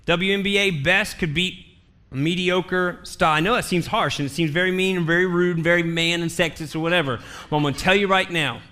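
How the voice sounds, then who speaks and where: Pastor guy preaching in church, kinda high voice, really bright and forceful, funny story, keeps repeating himself for emphasis. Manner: emphatic humorous storytelling with repetition. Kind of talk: sermon.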